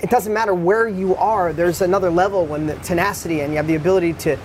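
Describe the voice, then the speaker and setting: A middle-aged man telling his life story as a podcast guest, animated and blunt, swearing freely. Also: high voice, quick pace, a little hiss or hum. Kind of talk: candid storytelling.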